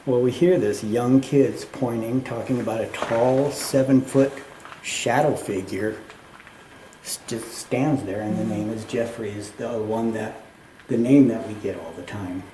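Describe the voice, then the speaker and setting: Mellow-voiced man telling a ghost story. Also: fairly low pitch, unhurried. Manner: animated retelling with acted quotes. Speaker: tour guide. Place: underground mine tunnel. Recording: echoey tunnel, faint noise.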